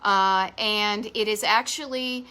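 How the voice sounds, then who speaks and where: A woman's voice: mid-range voice, steady tone, slow, pushed and bright, clean tone. A woman with a Boston accent hosting a live online show about vintage travel spots, chatting casually and enthusiastically with self-deprecating asides. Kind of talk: casual live-stream chat. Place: home garage office.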